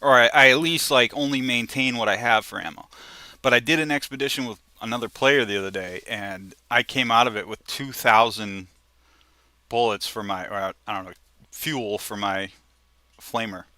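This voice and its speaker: Bright-voiced man chatting while gaming. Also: mid-range voice, moderate pace, no echo. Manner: rambling, chatty, laughs while telling stories. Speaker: gaming streamer. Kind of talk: casual gameplay commentary.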